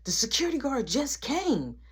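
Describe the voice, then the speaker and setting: A stern young woman , as a storyteller puts her on, warns two people to calm down. She talks slangy and firm at a lowered level, within a casual spoken story. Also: normal speed, slightly rough, full character voice. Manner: stern, warning.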